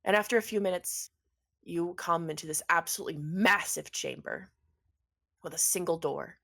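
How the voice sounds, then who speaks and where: A woman's voice: on the low side, normal speed, gravelly, bright, forceful tone. Woman narrating a tabletop game. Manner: descriptive, with fillers and repeated words. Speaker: game master.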